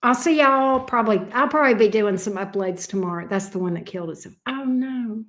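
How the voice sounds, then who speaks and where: A woman's voice: mid-range voice, fairly even intonation, quick pace, a bit bright. A middle-aged woman, chatting playfully with her viewers as a tarot reader and laughing often. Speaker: tarot reader hosting a livestream. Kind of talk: casual chat with viewers.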